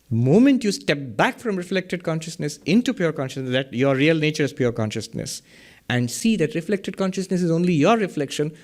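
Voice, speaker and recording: A man's voice: fairly high pitch, darkish tone. A middle-aged man, teaching Vedanta philosophy in a lecture, explaining through questions and everyday examples. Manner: explains by questions and examples, chuckles at own jokes.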